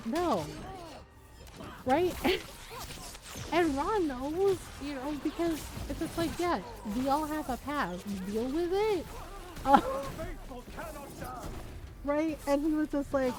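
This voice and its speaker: A woman game streamer in casual livestream chat, talking in an animated, laughing rant with plenty of swearing. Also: sits high, unhurried, pauses often, rough recording.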